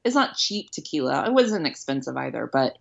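A woman's voice: very deep voice, big pitch swings, brisk, gravelly, muffled recording. A woman in her late thirties from Houston, chatting casually as a podcast host in a wry, self-mocking way with plenty of ums and likes. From Houston, United States. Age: late 30s. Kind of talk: casual chat.

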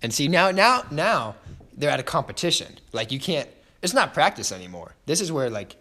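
A young man co-hosting a casual film discussion podcast, animated and quick to act out lines from the movie. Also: a little high. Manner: lively, acts out movie quotes in voices. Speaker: podcast co-host.

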